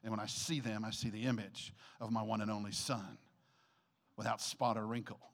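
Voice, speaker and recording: A gentle divine male voice, as a preacher puts it on, speaks low and soft, calm and measured. It reassures rather than commands. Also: close to an everyday voice. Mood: tender. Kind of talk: acted quote in a sermon.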